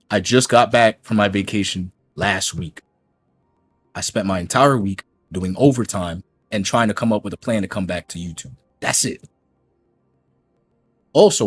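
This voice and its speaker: A man's voice: fairly low pitch, husky. A man ranting on his gaming channel in a mocking, combative way as he reacts to a critic's clip. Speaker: YouTube gaming commentator. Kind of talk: reaction rant.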